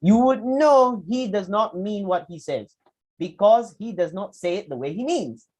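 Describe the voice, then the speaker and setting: A man's voice: high voice, a little slow, rough recording. A young man giving a public speaking lesson, acting out example sentences with exaggerated intonation. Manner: animated, acts out example lines with exaggerated intonation. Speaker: public speaking workshop presenter. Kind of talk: lecture to students.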